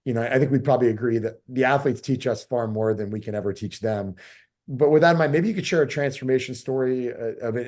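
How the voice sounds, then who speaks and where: A man's voice: mid-range voice, darkish tone. A man hosting a podcast, asking long, enthusiastic questions of his guest. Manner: enthusiastic, fast-talking, rambling questions. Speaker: podcast host. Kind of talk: interview questions.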